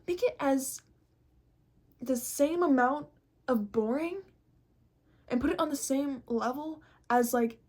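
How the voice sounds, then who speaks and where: A woman's voice: high voice, a little mellow, breathy edge. A woman hosting a casual vlog, talking bluntly and animatedly and swearing constantly. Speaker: host.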